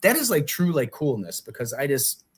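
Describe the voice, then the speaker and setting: A man hosting a relaxed live stream chat. He rambles and circles back, restarting his sentences and leaning on fillers. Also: mid-range voice, moderate pace, husky. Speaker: host.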